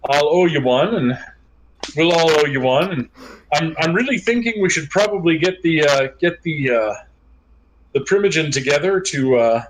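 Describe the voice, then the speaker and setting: A man voicing a scheming old-money robber baron, speaking with a Minnesotan accent and a folksy, drawn-out manner. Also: fairly high pitch, noisy background, natural voice.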